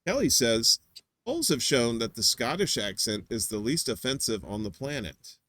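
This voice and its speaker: A man co-hosting a casual podcast chat, rambling and joking, jumping into high squeals for emphasis. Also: very animated, moderate pace, pushed and bright, no room sound. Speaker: podcast co-host.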